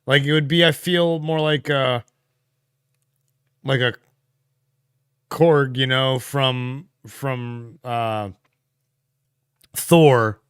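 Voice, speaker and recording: A man's voice: medium pitch, very slow, long pauses, smooth, dry recording, studio quality. A man co-hosting a casual livestream, chatting and thinking aloud while he answers viewers' comments. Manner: relaxed, musing aloud with fillers and laughs. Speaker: livestream co-host.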